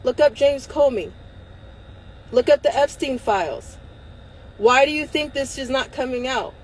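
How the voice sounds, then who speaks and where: Speaking unhurriedly in a high-pitched voice, a woman on a livestream pours out an impassioned, defiant rant full of swearing, laughing through tears at times. The recording is rough, with slight background noise.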